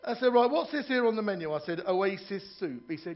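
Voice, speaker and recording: A man works the room as a stand-up comic aboard a ship, spinning long jokes and chatting with the crowd. His voice sits a little high for a man. The live recording sounds dull and lo-fi. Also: lively intonation, fairly quick. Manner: joke-telling with voiced characters and asides to the audience. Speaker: stand-up comedian. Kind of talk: stand-up comedy on stage. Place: ship's theatre lounge.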